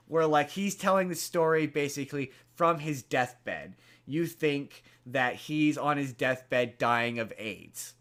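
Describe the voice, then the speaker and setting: A podcast host, a man, talks casually as he retells a film's story. He rambles, restarts his sentences and leans on fillers, and his voice sits a little high for a man. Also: a bit bright. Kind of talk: casual chat, retelling a movie plot.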